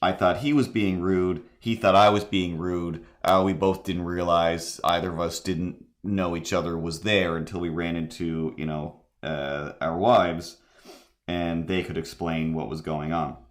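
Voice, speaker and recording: A man from near Cape Breton, Canada, chats casually while drawing on a live stream, rambling and poking fun at himself. His voice is low-pitched, steady in tone, and unhurried.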